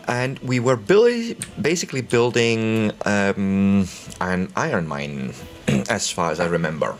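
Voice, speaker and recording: A man's voice: fairly low pitch, sing-song, a little slow, faint music behind. A man at home giving casual, chatty live commentary while streaming a game, rambling along and making self-mocking jokes.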